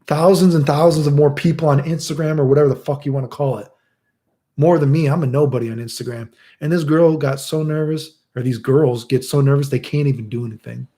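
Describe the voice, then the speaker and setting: Crude, rambling man with a dark voice. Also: a little high, steady tone, fairly quick. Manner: crude, rambling, swears a lot. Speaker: streamer answering chat. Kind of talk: casual chat.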